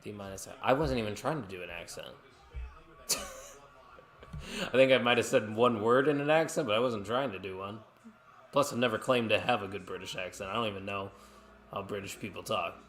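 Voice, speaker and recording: A man's voice: fairly low pitch, normal speed, long pauses, fairly bright tone. A man co-hosting a live watch-along stream, chatting casually and reacting to the action while reading viewer comments.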